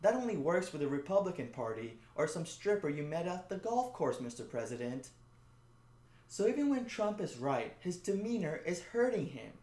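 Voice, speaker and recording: A man's voice: on the high side, sing-song, a little mellow, reverberant. Sarcastic man hosting a comedy news monologue. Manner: sarcastic, punchy delivery with quick asides. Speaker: comedy show host.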